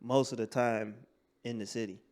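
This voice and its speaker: A man, a comedian guest in casual chat. He tells stories in animated, slangy bursts, and his pitch sits in the ordinary middle. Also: normal speed. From Detroit, USA.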